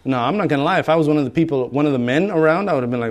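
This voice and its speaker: A man's voice: a little high, rapid-fire, hardly any pauses. A middle-aged man preaching a sermon in a conversational way, acting out bystanders with humor. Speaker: pastor.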